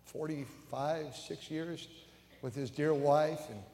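A man's voice: a little high, slow, creaky, a little mellow, a little hiss or hum. A man in his seventies with an American accent, preaching a sermon as pastor and telling a story with stammering repeats. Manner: storytelling, stammering repeats, acts out quoted voices. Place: large church sanctuary. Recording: echoey church hall reverb.

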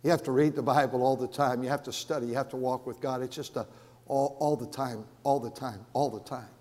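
A man preaching as the pastor of his church, earnest and stumbling over repeated words, rising loud and then dropping to a hush. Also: mid-range voice, fairly even intonation, a little fast. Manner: earnest, repeats and restarts words, swings from raised to hushed. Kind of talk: sermon. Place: large church sanctuary. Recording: long hall reverb.

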